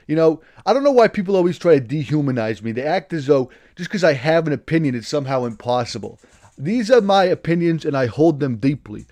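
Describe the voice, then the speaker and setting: A man with a somewhat raised voice hosts a comic livestream rant in character. He rambles and restarts his sentences constantly. Every so often he flares up into loud, indignant outbursts. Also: fairly high pitch. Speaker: livestream host. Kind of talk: satirical in-character political rant.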